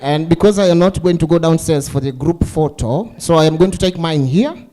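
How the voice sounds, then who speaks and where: Playful emcee, mellow voice. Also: male voice, a little high, fairly quick, poor audio. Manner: playful, teasing, asks the crowd questions. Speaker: master of ceremonies. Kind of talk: joking emcee banter.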